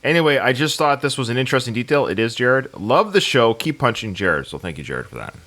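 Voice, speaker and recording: A man's voice: mid-range voice, very animated, fast, a bit bright. A man co-hosting a film podcast, chatting casually and joking about trivia. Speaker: podcast co-host.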